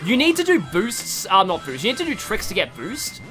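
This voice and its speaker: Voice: medium pitch, huge pitch swings, fairly quick, pushed and bright, soft background music. A streamer with an Australian accent giving rambling, casual commentary while playing a game, with many restarts and fillers. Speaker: gaming streamer. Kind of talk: casual let's-play commentary.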